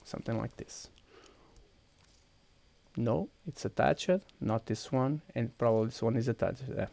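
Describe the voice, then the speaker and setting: A man's voice: medium pitch, measured pace, vocal fry, darkish tone, no echo. A man with a Portuguese accent streaming a game, walking viewers through each step while he clicks and thinks aloud. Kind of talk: casual live-stream chat.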